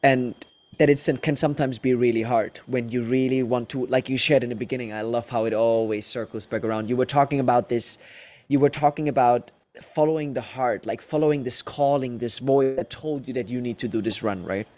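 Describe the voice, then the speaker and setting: A man's voice: mid-range voice, steady tone, fairly quick, a little mellow. A man whose first language is German, hosting a podcast, who rambles and leans on filler words. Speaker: podcast host. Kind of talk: casual interview chat.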